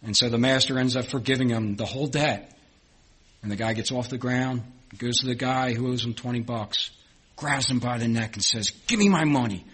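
A middle-aged man preaching a sermon as a pastor, earnest and repetitive, often swelling louder on key phrases and restarting his words. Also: medium pitch, level tone, normal speed, husky.

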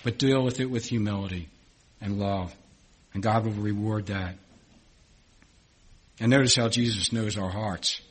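A middle-aged man preaching a sermon as a pastor, earnest and repetitive, often swelling louder on key phrases and restarting his words. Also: lowish voice, measured pace, long pauses, slightly rough.

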